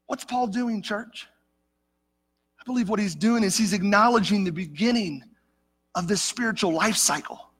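The voice is very high-pitched, pushed and bright: a middle-aged pastor preaching in a church sanctuary with long reverb. He speaks earnestly through a personal story and addresses the congregation as "church."

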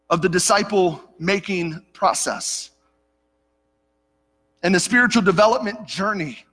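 A middle-aged pastor with a high, somewhat bright voice preaches in a church sanctuary, earnestly telling a personal story and calling the congregation "church." The long reverb of the hall carries through the recording.

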